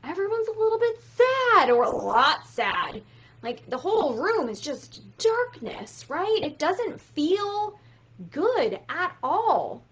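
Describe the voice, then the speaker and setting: High-voiced woman coach, lively and profane, casual pep talk, a bit lo-fi. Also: slow. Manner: animated, swears freely, acts out quotes. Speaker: business coach.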